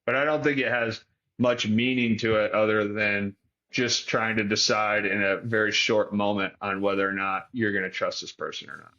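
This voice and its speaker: A man from Detroit muses philosophically as a podcast guest, his voice bright and forceful but held in a flat, even pitch. He thinks aloud in long, winding sentences, and the recording sounds a little dull and lo-fi. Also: moderate pace. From Detroit, Michigan. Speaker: guest, performance coach. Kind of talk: reflective podcast conversation.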